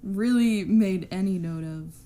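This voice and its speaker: A woman's voice: mid-range voice, a little slow, warm tone. Hesitant woman with many fillers. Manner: hesitant, full of filler words. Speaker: podcast co-host. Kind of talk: casual podcast chat.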